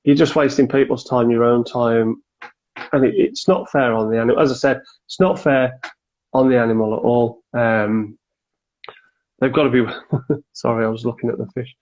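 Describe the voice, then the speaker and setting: A man's voice: mid-range voice, normal speed. Chatty man, lo-fi sound. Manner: chatty, animated, acts out quoted exchanges. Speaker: reptile breeder guest. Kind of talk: casual podcast chat. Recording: dull lo-fi sound.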